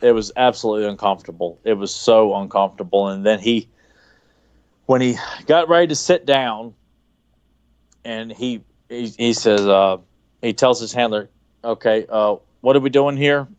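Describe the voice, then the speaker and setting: A man's voice: fairly low pitch, fairly even intonation, normal speed, smooth, no echo. A man on a podcast telling a long, rambling anecdote in casual chat, with frequent restarts. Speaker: podcast co-host.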